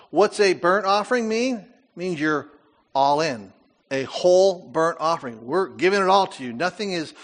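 An older man preaching a sermon, animated, with rhetorical questions and asides to the congregation. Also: high-pitched. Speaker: pastor.

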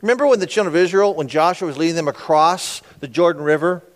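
A man's voice: fairly high pitch, quick pace. A man preaching a sermon, retelling scripture with folksy, conversational asides to his listeners. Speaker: pastor.

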